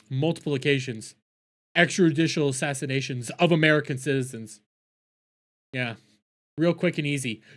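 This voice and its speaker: A man's voice: fairly high pitch, fairly bright tone. A man ranting profanely in a heated, mocking commentary as a streamer reacting to videos.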